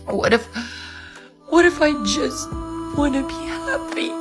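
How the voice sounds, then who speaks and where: Tired tearful woman venting slowly, music under it. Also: sits high, animated. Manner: slow, weary, tearful. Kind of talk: emotional vlog rant. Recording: clear music behind.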